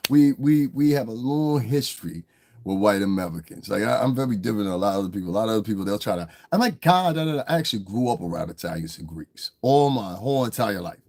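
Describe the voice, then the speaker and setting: A man's voice: on the low side, fast talker, darkish tone. A man in a casual livestream rant, talking in a blunt, heated, profane way as the show's commentator.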